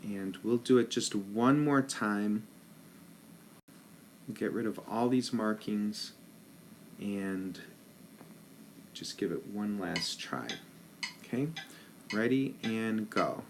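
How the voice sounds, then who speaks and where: A man with a fairly low voice teaches a rhythm lesson at an unhurried pace. He patiently counts rhythms aloud in ta syllables. A faint hiss of noise sits under the recording. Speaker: band director.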